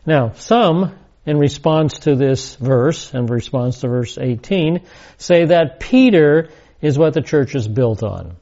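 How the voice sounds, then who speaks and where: A man teaching a Bible study lecture, speaking deliberately and emphatically, repeating key words. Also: a little high, lively intonation, warm tone, dull audio.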